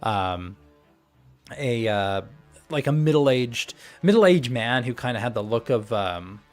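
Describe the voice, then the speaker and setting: Young guy gm on a call, slow and rambly, lots of uhs, faint music in the back. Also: mid-range voice, lively intonation, a little mellow. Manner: rambling, many fillers and restarts, laughs often. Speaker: game master. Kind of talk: narrating a tabletop game.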